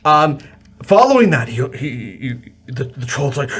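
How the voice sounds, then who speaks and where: Animated man running a tabletop game. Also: fairly high pitch, normal speed, husky. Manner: animated, laughing narration with restarts. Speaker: game master.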